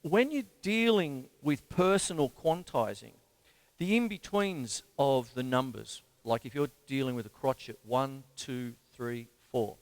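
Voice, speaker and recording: A man's voice: fairly high pitch, very animated, measured pace. A man with an Australian accent, hosting a casual drum lesson, chatting with fillers and counting beats aloud in rhythm. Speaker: drum teacher and show host. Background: drum kit playing.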